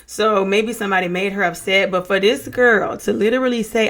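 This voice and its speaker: A woman's voice: medium pitch, steady tone, a little fast, fairly bright tone. A young woman giving casual reaction commentary, reading text messages aloud and adding sassy asides, often calling people baby and honey. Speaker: true-crime reaction vlogger.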